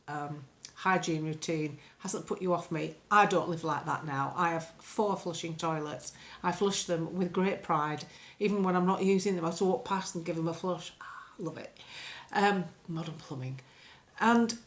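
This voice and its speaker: An older English woman from England vlogging from home into a phone camera, chatting bluntly and meandering through opinions. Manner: blunt, opinionated, meandering, lively swings in pitch. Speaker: political vlogger. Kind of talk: casual rambling monologue to camera. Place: home, indoors.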